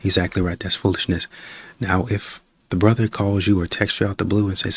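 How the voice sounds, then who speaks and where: Host, male, deep flat husky voice, blunt. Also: brisk. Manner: blunt, firm. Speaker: reaction show host. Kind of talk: commentary on clips.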